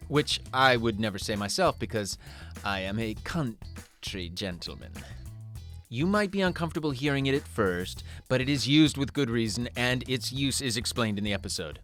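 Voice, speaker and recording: A male podcast host with a campy, teasing delivery. His pitch leaps and dips all over the place, and faint music sits under parts of his talk. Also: animated, normal speed, a bit bright. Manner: campy, teasing, mock-grand. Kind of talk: playful podcast banter.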